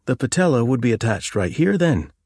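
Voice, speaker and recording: A man's voice: mid-range voice, sing-song, a little fast, a little mellow, slightly rough, dry recording, clean studio sound, voice pushed up. A man voicing an eager, polite young village constable who speaks deferentially.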